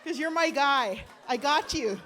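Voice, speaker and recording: A woman's voice: high-pitched, unhurried, bright, forceful tone, some chatter behind, a little hiss or hum. An older woman performing a stand-up comedy set, rambling and self-deprecating, laughing at her own jokes, coughing from bronchitis, on a handheld mic. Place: comedy club stage.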